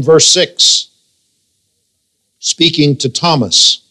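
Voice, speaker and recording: A male pastor preaching a sermon, emphatic and reading scripture in a slow, drawn-out way. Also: fairly high pitch, sharp tone.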